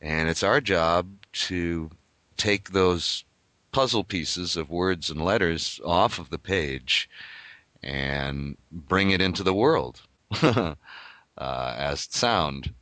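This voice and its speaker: A man's voice: sits low, lively intonation, slow pace, pushed and bright, dry recording. An older man, a voice actor, talking thoughtfully and explaining his craft in an interview. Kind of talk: reflective interview talk.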